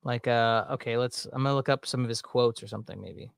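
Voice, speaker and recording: A man with a Southern US accent, rambling through casual watch-along commentary, full of fillers and quick laughs. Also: medium pitch, gravelly, smooth, no echo, studio quality. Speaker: streamer reacting to videos.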